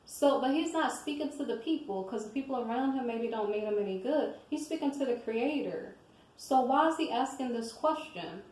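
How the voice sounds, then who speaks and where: A woman's voice: a little high, moderate pace, a little mellow, echoey room, low-quality recording. A woman giving casual devotional commentary on scripture, talking in a rambling conversational way and often checking in with her listeners.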